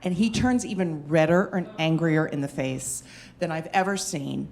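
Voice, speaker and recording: Animated woman telling a comic story. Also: deep voice, normal speed. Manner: animated, self-mocking, lots of fillers and restarts. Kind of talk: comedic personal storytelling.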